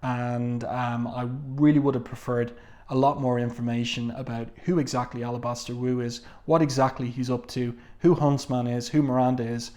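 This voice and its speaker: A man's voice: mid-range voice, darkish tone. A man talking casually through a comic book review, reading quotes from the panels aloud, with frequent fillers and asides.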